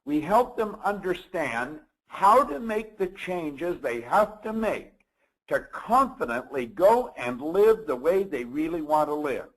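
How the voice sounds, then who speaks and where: An older man, a motivational speaker, giving a measured, emphatic seminar lecture. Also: on the high side, animated, low-quality recording.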